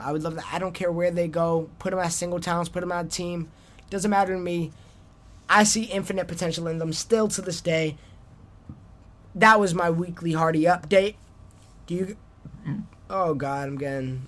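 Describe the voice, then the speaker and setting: A man's voice: on the high side, fairly bright tone. Rambling young man hosting a solo podcast. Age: young adult. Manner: rambling and self-deprecating, trailing off in restarts. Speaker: podcast host. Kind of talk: solo wrestling podcast monologue.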